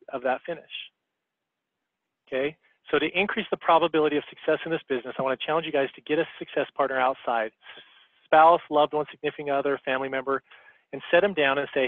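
A man's voice: medium pitch, no echo. Man, motivational talk, guest speaker, keeps saying okay, phone-line audio, dry. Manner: coaching, repeats "okay?" to check in. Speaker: guest speaker on a team call.

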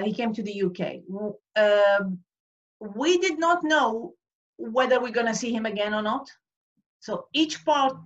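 A woman from Iraq, answering questions at an online event and often pausing to search for words. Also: on the high side, dull audio. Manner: hesitant, searching for words with many fillers. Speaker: guest speaker. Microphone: video call.

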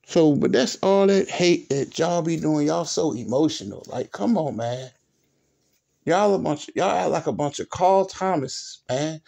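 A man's voice: on the high side, sing-song, normal speed, gravelly, a little mellow, slightly rough. A man hosting a sports vlog, ranting in an exasperated, repetitive, profane way with speech. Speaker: sports video host.

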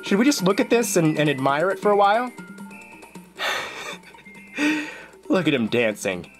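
A young man chats through his gameplay with a playful, joking manner. His pitch swoops up and down in animated exclamations. Soft game music plays beneath his voice. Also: measured pace. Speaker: gaming video journal host. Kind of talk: casual gameplay commentary.

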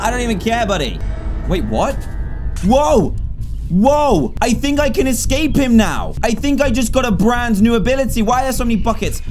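A young man in his twenties who excitedly narrates his own moves while playing a video game, cheering out loud when he wins. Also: high-pitched. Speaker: gaming YouTuber. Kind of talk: gameplay commentary.

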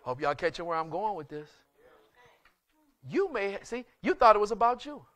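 A male pastor preaching with a very high, bright voice that swings widely as he pushes the congregation. He keeps circling back to the same rhetorical questions and breaks into shouts. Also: big pitch swings, moderate pace. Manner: call-and-response preaching, repeated rhetorical questions, sudden shouts. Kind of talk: sermon.

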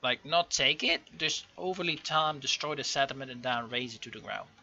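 A young man giving casual, rambling commentary over a strategy game, full of ums and self-corrections, with excitable outbursts. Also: mid-range voice, moderate pace. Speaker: gaming channel host. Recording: dull lo-fi home mic.

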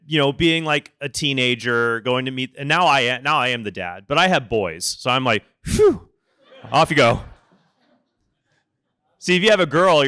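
A man in his thirties gives a lively conference talk, breaking into quoted voices as he tells his stories. His voice is bright and crisp, and the recording is dry and close. He speaks to a live audience. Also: mid-range voice, no room sound.

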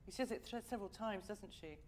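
A woman's voice: medium pitch, fast talker, slight background noise. A middle-aged English woman teaching a vocal masterclass, encouraging and demonstrating phrases aloud.

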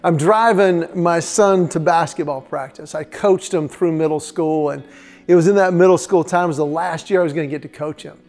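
A middle-aged man hosting a short devotional segment. He tells a family story, acting out the dialogue in lively voices, and drops to a soft, hushed tone for the reflective parts. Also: on the high side, a little fast.

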